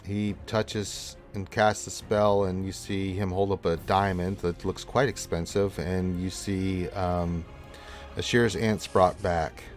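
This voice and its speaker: A man's voice: sits low, fairly even intonation, takes it slowly, faint music behind. A man narrating as game master in a tabletop game, casually and with fillers.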